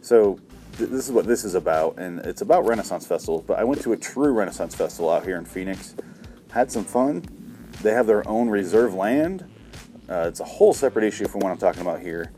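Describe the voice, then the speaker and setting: A man's voice: lowish voice, expressive, brisk, warm tone, faint music behind. Man on a profane sarcastic rant. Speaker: comedy podcast host. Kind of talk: ranting comedic commentary reading from a book.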